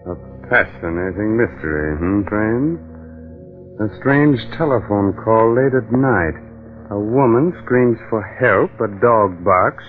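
A macabre mystery host who drawls his words slowly in a lowish voice. He speaks in a 1940s radio style, and the sound is tinny with music beneath it. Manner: slow, insinuating, drawn out. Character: sinister male mystery host, teasing and macabre. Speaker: host narrator.

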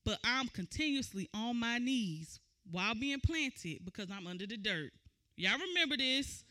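A woman preaching a sermon, moving from conversational teaching to loud, shouted exhortation. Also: fairly high pitch, lively intonation, normal speed.

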